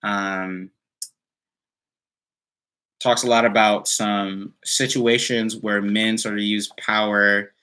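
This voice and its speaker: A man's voice: fairly low pitch, little pitch movement, slow, pauses often, sharp tone. A man chatting casually on a live stream and answering viewer comments, rambling with many fillers and sounding a little tired. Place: indoors at home.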